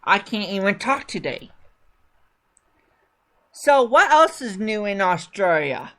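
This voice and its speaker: A chatty woman hosts a casual talk show. Her voice sits at an ordinary middle pitch. She rambles along and keeps correcting herself. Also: sing-song, slow pace. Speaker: podcast host. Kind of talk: casual chat.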